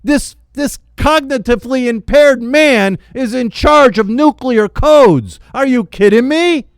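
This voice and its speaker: A man angrily venting in a spoken rant, yelling, repeating himself and stumbling over his words in frustration. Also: very high voice, lively intonation, takes it slowly, clean tone, dry recording. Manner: repeats phrases for emphasis. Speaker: political vlogger.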